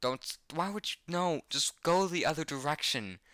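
A man's voice: a little high, lively intonation, moderate pace, sharp tone, no echo, clean studio sound. A man reading a horror comic aloud at home on his bed and reacting to it, swearing constantly and yelping when something startles him. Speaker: webcomic reactor.

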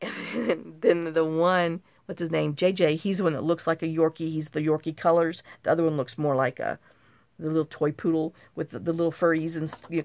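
A woman's voice: low-pitched, creaky, dry recording. A woman hosting a crafting video, chatting and telling a rambling story while she works on journal cards. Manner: rambling, repeats "I said" and "you know"; warm, gossipy and easily amused. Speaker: crafting channel host.

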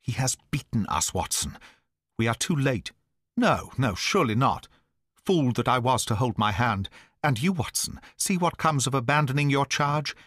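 A man's voice: medium pitch, sing-song, moderate pace, a bit bright, no room sound, studio quality, voice pushed up. A man voicing an intense, commanding male detective in an audiobook reading, speaking in urgent, clipped lines. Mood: bitter.

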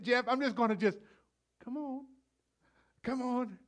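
A middle-aged man preaching a live sermon at a church service, energetic and exhorting, swinging between loud outbursts and low, quiet passages. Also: unhurried, pauses often. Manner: energetic, exhorting, calls out "come on". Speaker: pastor.

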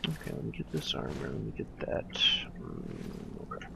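A man casually commenting on his gameplay, swearing, muttering to himself and yelling at his companion. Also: very deep voice, huge pitch swings, normal speed, vocal fry, heavy background noise. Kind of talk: casual let's play commentary.

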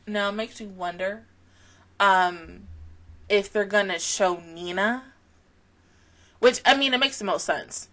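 A woman's voice: mid-range voice, slow, pauses often, sharp tone. Tired young woman, sleepy rambling vlog chat, laughs often, casual slang. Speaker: anime reaction channel host.

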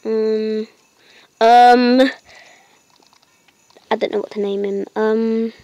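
A woman chats through a game as a channel host, excitable and prone to delighted squeals. Her voice sits fairly high and she talks slowly, with lots of drawn-out ums. The recording is close and dry, with faint music underneath. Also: no echo. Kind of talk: casual gameplay commentary.

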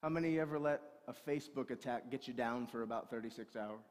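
A male pastor preaching a sermon, swinging between forceful raised passages and quiet storytelling. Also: mid-range voice, fast talker. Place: church sanctuary. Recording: long hall reverb.

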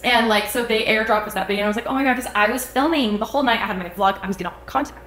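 A young woman co-hosting a podcast, telling a story in animated casual chat with lots of fillers, acting out what people said. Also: a little high, rapid-fire, reverberant. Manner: animated storytelling, acts out quotes, many fillers. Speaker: podcast co-host.

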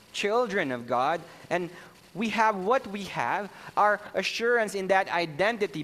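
Slow, emphatic preaching man in a hall. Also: fairly high pitch, a bit bright, slight background noise. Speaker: pastor. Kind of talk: sermon. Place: church sanctuary. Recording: church hall reverb, faint ambience.

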